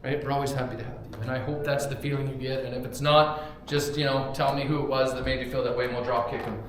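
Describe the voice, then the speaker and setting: A male pastor preaching a casual, joking sermon in a church, with props and sudden bursts of loud emphasis. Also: mid-range voice, fairly even intonation, fast talker. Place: church sanctuary. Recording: very echoey room, faint background hum.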